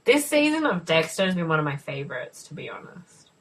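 Giggly woman co-host, lively voice. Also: deep voice, brisk, poor audio. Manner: giggly, playful banter. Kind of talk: casual chat.

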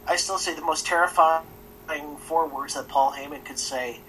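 A man's voice: on the high side, normal speed, bright, forceful tone, far from the mic, slight background noise, poor audio. A man co-hosting a casual wrestling podcast, joking dryly and leaning on filler words. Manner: dry joking, many "like" fillers. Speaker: podcast co-host. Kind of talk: casual chat.

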